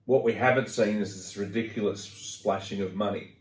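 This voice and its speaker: A man's voice: fairly low pitch, normal speed, distant mic. A man chatting casually about football as a podcast guest, rambling with lots of fillers. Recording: roomy sound from off-mic.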